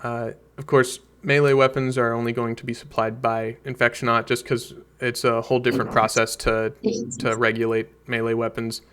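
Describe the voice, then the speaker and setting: A man's voice: mid-range voice, level tone, moderate pace, hardly any pauses, a bit bright, slight background noise. A man hosting an online meeting for a game event, friendly and easygoing as he answers questions. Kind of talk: casual meeting talk.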